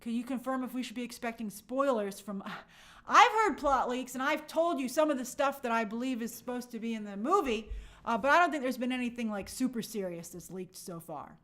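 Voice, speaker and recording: A woman's voice: on the high side, animated, brisk, a bit bright. A woman hosting a live stream, casually reading out viewer comments and thinking aloud with frequent fillers. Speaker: host.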